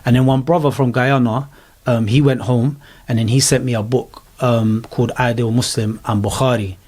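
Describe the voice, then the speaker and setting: Man, husky, animated storyteller, casual interview guest. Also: medium pitch, moderate pace. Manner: animated storyteller, London slang. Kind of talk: personal testimony in casual chat.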